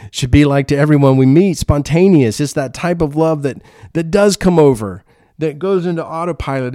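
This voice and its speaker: Warm-voiced preacher giving a sermon. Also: male voice, medium pitch, no echo, studio quality. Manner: earnest, conversational, repeats words. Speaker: pastor.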